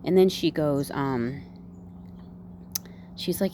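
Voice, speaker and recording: Low-voiced woman rambling through a movie recap. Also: a little slow, a little mellow, slight background noise. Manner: rambling, full of "like", "you know" and "right?". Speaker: movie reviewer.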